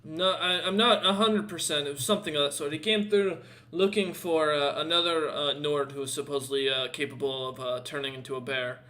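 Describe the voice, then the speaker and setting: Man putting on a halting old orc warrior. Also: fairly high pitch, steady tone, pushed and bright. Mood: earnest. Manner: halting, searching for words. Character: hearty old male orc warrior, broken speech.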